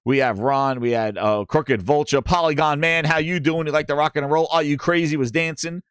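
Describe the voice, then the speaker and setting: A man's voice: fairly high pitch, moderate pace, smooth, no echo, clean studio sound. A man hosting a gaming livestream, ranting with profanity and calling out viewers in the chat. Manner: animated, profane, shouting out chat names.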